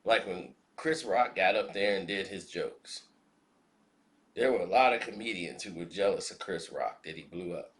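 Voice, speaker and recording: A man giving spoken commentary in a measured, reflective way, often posing rhetorical questions. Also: sits low, fairly bright tone. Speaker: commentary vlogger.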